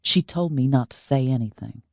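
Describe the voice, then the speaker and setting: A woman's voice: a bass voice, moderate pace, creaky, no echo, clean studio sound. A woman voicing a guarded, stubborn grown man in an audiobook, clipped and curt. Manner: clipped, flat, curt replies. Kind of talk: audiobook character voice.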